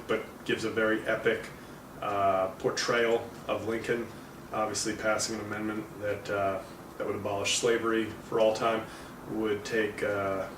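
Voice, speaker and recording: A male comedian giving a casual, rambling movie review, full of fillers and self-corrections. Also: fairly low pitch. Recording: roomy, distant mic, faint background noise.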